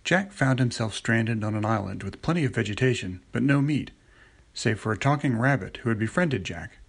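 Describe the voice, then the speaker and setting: A man reads his short stories in a plain, steady way. His voice is gravelly and husky, with a rough edge throughout. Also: mid-range voice, moderate pace. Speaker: story contributor.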